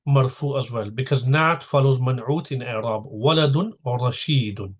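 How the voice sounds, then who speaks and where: A man's voice: medium pitch, muffled recording. A man teaching a grammar lesson, patiently breaking each sentence down step by step and repeating key terms.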